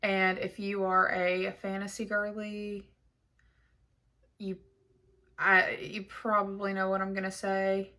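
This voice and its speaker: A woman's voice: medium pitch, completely flat delivery, slow, long pauses, bright, forceful tone. Chatty, gushing woman book vlogger. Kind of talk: casual chat to camera.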